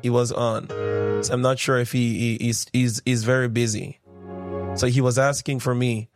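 A man's voice: medium pitch, flat delivery, moderate pace, music in the background. A man hosting a morning radio devotional, talking in a loose, rambling, preacher-like way. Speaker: radio host and minister.

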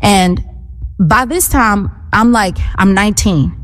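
A woman in her thirties telling her faith story in an interview, animated and acting out what people said. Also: medium pitch, slow, long reverb tail, soft background music. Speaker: guest. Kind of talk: testimony in a conversational interview.

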